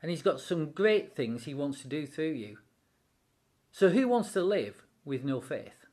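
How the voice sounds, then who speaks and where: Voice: mid-range voice, very animated, measured pace, dark tone. A devotional speaker giving an encouraging sermon-style talk, acting out quotes with animation.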